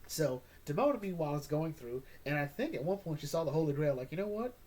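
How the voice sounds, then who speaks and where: A man with a fairly high voice runs through a comic recap in a loose, rambling way. His pitch swings widely as he tosses off sarcastic jokes. He talks like a casual host chatting to his listeners. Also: lively intonation, fast, a little mellow. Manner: joking, rambling, sarcastic asides. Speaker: comic book podcast host.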